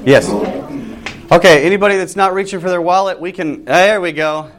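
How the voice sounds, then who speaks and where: A man's voice: high-pitched, normal speed. Man, class teacher, casual and joking, reads passages then riffs on them. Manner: joking and lively, reads aloud then comments. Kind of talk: casual Bible class talk with reading aloud.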